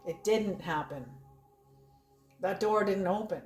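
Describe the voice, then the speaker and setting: A woman's voice: medium pitch, takes it slowly, a little mellow, soft background music. A woman giving a casual spoken tarot reading, blunt and laughing often, swearing freely. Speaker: tarot reader. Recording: roomy echo.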